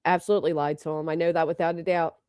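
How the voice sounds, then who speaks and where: A woman's voice: low-pitched, flat delivery, rapid-fire, a little mellow, smooth, dry recording. A middle-aged woman hosting a livestream, blunt and profane, reading out viewer names between heated remarks. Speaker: livestream host.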